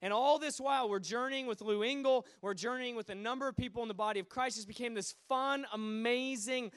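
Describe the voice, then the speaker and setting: A man preaching, telling stories with animated swings between hushed asides and loud bursts. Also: very high-pitched, a little fast, clean tone. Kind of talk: sermon storytelling.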